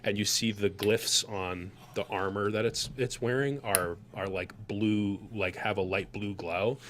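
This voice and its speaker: A man's voice: fairly low pitch, steady tone, measured pace, fairly bright tone, a little hiss or hum. A man narrating a tabletop game as game master, rambling loosely with many fillers.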